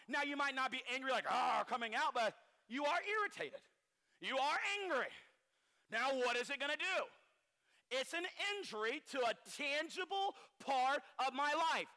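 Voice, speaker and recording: A man preaching a sermon in an animated way, acting out the people he quotes and shouting for emphasis. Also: extremely high pitch. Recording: long hall reverb.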